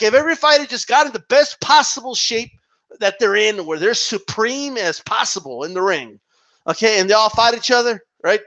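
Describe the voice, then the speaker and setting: A boxing channel host delivering an emphatic opinion rant, repeating himself and tossing in rhetorical asides. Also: male voice, high voice, bright, forceful tone.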